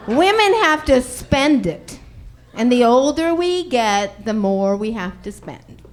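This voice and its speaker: A woman doing stand-up comedy, firing quick, wry one-liners and calling out to the crowd. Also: a little high, expressive. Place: comedy club stage before a live audience.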